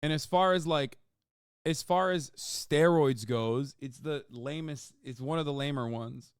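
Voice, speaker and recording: A man streaming a video reaction, joking loudly with profanity as he talks to his chat. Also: a little high, unhurried, smooth, dry recording, clean studio sound. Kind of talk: casual livestream reaction talk.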